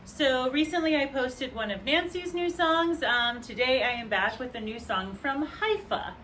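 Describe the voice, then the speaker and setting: A woman's voice: sits high, animated, measured pace, a bit bright, distant mic, slight background noise. A young woman teaching a dance routine, explaining in a chatty way with fillers and counting the beats aloud as she demonstrates. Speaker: dance instructor. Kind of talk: dance tutorial. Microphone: camera mic from a distance. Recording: roomy echo, voice set back from the mic.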